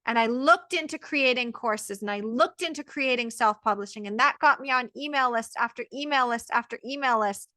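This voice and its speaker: A woman's voice: a little high, normal speed, few pauses, bright, forceful tone, no echo. A woman in her thirties, a birth coach, telling her story in an earnest, emphatic monologue full of quoted self-talk. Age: 30s. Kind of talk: personal motivational monologue.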